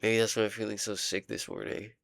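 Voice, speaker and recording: A young man rambling casually in a diary vlog, halting and full of fillers, swearing now and then while he plays a game. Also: lowish voice, flat delivery, vocal fry, a bit bright, dry recording, studio quality. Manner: playing a game while talking. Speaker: vlogger.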